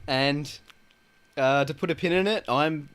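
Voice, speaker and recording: A man's voice: a little slow, smooth. A man co-hosting a movie podcast, bantering casually and animatedly. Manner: animated, jumps into high-pitched impressions. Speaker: podcast co-host.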